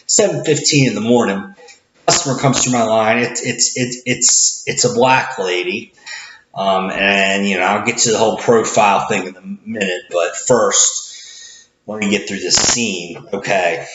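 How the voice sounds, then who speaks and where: A man who works as a cashier, talking in a casual vlog with a loud, projecting voice, rambling with many restarts and acting out the greetings he gives customers. He sits back from the camera in an indoor room. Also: medium pitch. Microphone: camera mic at some distance. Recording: echoey room, dull lo-fi sound, faint noise.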